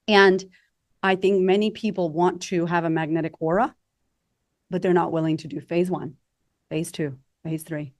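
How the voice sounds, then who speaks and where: Woman, podcast guest, coach, animated, lowish pitch, dry sound. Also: dry recording. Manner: animated, acts out quoted voices. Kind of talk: podcast interview.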